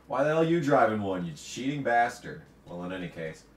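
A man giving let's play commentary while racing, ranting and swearing, now and then bursting into shouts at the game. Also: medium pitch, big pitch swings, brisk, roomy sound, far from the mic. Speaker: gamer commentating his own play.

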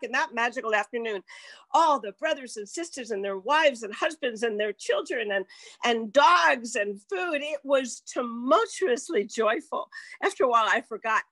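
An older woman telling a personal story in a slow, deliberate way, dropping to a whisper at tense moments. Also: on the high side, animated, a bit bright, dry recording. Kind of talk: personal story told to an audience.

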